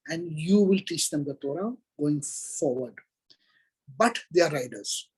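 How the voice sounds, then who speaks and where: A man's voice: high voice, darkish tone, husky, low-quality recording. A man giving an earnest Torah lecture, retelling scripture and acting out its dialogue. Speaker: Torah teacher.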